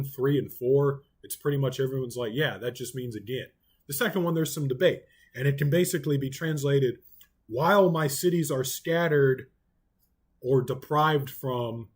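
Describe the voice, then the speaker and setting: A man with an Oklahoma accent teaching a Bible study in a relaxed, conversational way, full of ums and you-knows. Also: medium pitch, husky.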